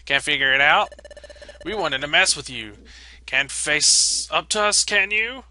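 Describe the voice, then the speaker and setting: A man's voice: on the high side, expressive, bright, forceful tone, no room sound, full character voice. A man playing sneering game bullies. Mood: taunting. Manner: taunting, drawn-out. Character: sneering male bully thugs, mocking.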